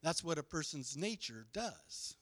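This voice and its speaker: A man's voice: fairly high pitch, very animated, a little slow, fairly bright tone, no echo. A middle-aged male pastor preaching a sermon, emphatic and leading the congregation in call-and-response.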